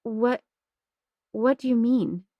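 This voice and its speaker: A woman's voice: a little high, slow pace, dry recording, dull audio, voice pushed up. A woman voicing a frightened, grieving young girl who stammers and trembles, read as an audiobook.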